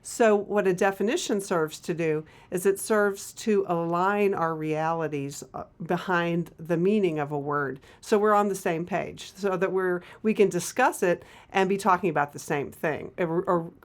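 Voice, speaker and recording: A woman co-hosting a TV talk show, explaining ideas thoughtfully with frequent pauses and restarts. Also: lowish voice. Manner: thoughtful, hesitant, many fillers and restarts. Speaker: co-host and author. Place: local TV studio.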